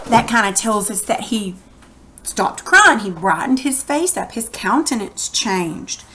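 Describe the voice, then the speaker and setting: A woman teacher reads a storybook passage aloud with lively expression, then patiently walks young readers through questions about it. Her voice sits at an ordinary middle pitch. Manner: expressive read-aloud, patient explaining to children. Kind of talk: reading a story aloud and asking comprehension questions.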